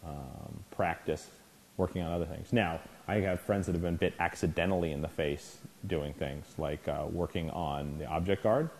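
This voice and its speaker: This low-voiced man talks at a moderate pace with fairly even intonation and a darkish tone, with a little hiss or hum in the sound. He is giving trainees an informal, conversational lecture at a dog-training clinic, regularly checking in with the class and acting out scenes.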